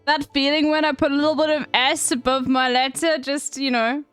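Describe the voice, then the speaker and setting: A woman's voice: high voice, flat delivery, moderate pace, fairly bright tone, faint music behind. A woman streamer chatting casually on a live stream, blunt and slangy, with frequent swearing.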